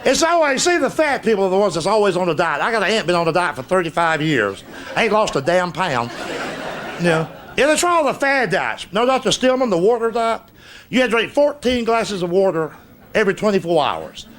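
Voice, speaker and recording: A man's voice: sits high, fairly quick. A man telling stand-up stories in a folksy, cussing drawl, on a stage before a live audience. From Southern United States. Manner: folksy drawl, cussing punchlines, lively delivery. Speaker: stand-up comedian. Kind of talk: stand-up storytelling. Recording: noisy live stage recording.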